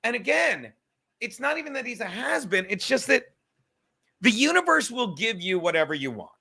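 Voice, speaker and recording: A young man hosting a livestream, talking in a profane, rambling, animated way. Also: very high-pitched, normal speed, vocal fry. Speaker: livestream host. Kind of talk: casual livestream rant.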